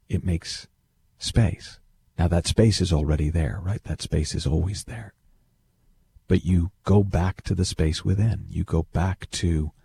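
A man telling a story in a relaxed, animated way, often repeating words as he thinks aloud. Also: low voice, vocal fry, slight background noise. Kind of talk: casual storytelling talk.

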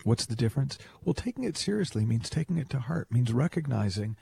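A man hosting a call-in radio show, talking in a playful, animated storytelling way. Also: fairly quick, hardly any pauses. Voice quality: deep gravelly voice. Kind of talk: conversational radio monologue.

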